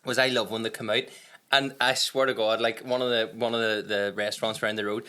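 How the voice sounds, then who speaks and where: A young man with a Belfast accent, a comedian guest chatting on a podcast as an animated, joking storyteller. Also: on the low side, quick pace, smooth. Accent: Northern Irish, Belfast. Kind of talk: casual podcast chat.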